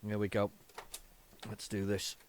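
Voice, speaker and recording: A man hosting a casual retro-computing video, chatting in an excitable, rambling and self-mocking way. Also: on the low side, measured pace, a little hiss or hum. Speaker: host.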